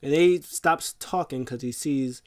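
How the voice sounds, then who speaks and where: A man's voice: medium pitch, unhurried, darkish tone. A man hosting a casual wrestling recap, retelling events in a rambling, chatty way. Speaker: host.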